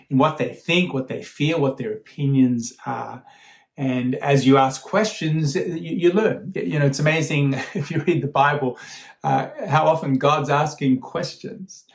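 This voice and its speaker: A man giving a guest sermon in a relaxed, conversational way, often repeating words as he starts a thought. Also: medium pitch, unhurried, vocal fry, echoey room. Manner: conversational, warm storytelling with frequent fillers and repeated starts. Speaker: guest speaker.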